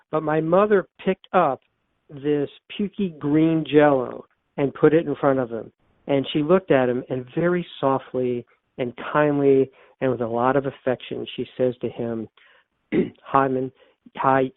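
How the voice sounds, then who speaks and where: A man's voice: a little high, no echo. Older man, tinny phone line. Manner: earnest, personal, repeats phrases for emphasis. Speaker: author and therapist, interview guest. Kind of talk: reflective storytelling in an interview.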